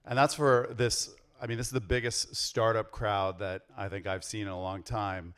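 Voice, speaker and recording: A man in his forties gives an energetic conference keynote on stage, rallying the audience with questions. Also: lowish voice, normal speed, clean tone. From Canada. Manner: energetic, rallies the crowd with questions. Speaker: keynote speaker. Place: on stage before a large audience.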